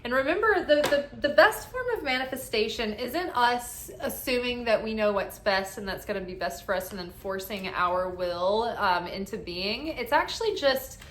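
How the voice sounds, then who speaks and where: A woman's voice: on the high side, lively intonation, moderate pace, hardly any pauses, a bit bright, echoey room. A woman giving casual spiritual guidance as an oracle card reader, chatty and upbeat, often tagging "right?" onto her thoughts.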